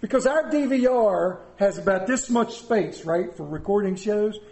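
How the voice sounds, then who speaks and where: Middle-aged male pastor, high voice, folksy joking sermon, roomy church sound. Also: expressive, normal speed, a little mellow. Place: church sanctuary.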